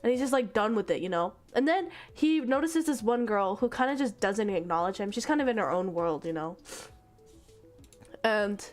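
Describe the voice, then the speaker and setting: A woman's voice: medium pitch, animated, normal speed, soft background music. A young woman streaming, casually retelling a story in a rambling way, full of 'like' and the odd swear.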